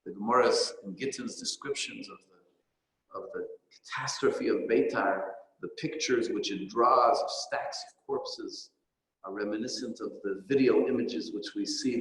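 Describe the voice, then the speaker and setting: A man, a rabbi, giving a Torah lecture, telling stories and explaining Hebrew and Aramaic phrases as he goes. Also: fairly low pitch. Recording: echoey hall with long reverb.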